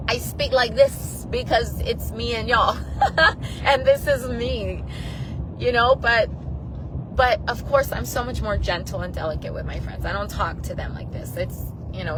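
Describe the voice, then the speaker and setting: A woman's voice: a little high, background noise. A woman vlogger telling a personal story to her viewers in a rambling, emotional way, tearful at times, with many restarts.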